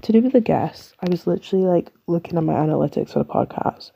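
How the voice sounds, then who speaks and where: Rambling young English woman, gravelly. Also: on the low side, expressive, fast, dark tone, highs cut off. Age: young adult. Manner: chatty, rambling, self-mocking. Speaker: podcast host. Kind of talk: casual solo podcast chat.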